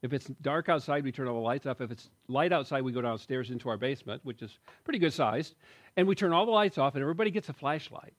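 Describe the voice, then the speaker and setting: A man in his sixties giving a sermon, telling a story with jokes and asides in a lively way. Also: medium pitch, fast talker. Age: 60s. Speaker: pastor.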